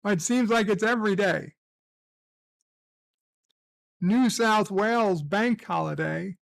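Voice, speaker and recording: Slow and gravelly, this man's high-sitting voice is recorded with no echo. As a livestream host, he reads the day's holidays and viewers' messages aloud, breaking into crude, sarcastic, profane rants.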